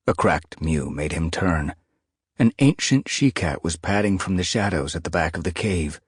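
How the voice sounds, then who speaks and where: A male narrator reading a children's animal fantasy audiobook with expressive storytelling. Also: extremely low pitch, moderate pace, slightly rough, no echo, clean studio sound. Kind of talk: scripted narration.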